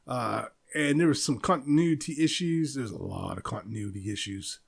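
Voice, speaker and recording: A man talks through a casual solo podcast episode. His voice sits a little higher than most men's. He rambles, restarts his sentences, and laughs to himself often. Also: gravelly. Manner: rambling, chuckles often, loose and self-interrupting. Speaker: podcast host.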